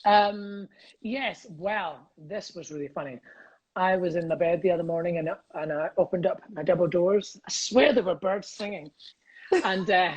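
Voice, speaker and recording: A middle-aged Scottish man, a comedian, telling cheeky anecdotes over a video call, quick and giggly, acting out voices in his stories. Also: high-pitched, slightly rough, lo-fi sound. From Scotland. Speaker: comedian guest. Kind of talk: casual storytelling chat.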